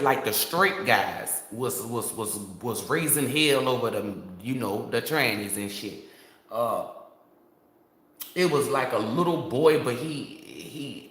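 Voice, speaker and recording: A man who reads tarot tells a wild story straight to his viewers in a loose, excitable and profane way, stumbling over restarts as he goes. His voice sits at a middle pitch, neither deep nor high. The sound carries a roomy echo around it. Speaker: tarot reader.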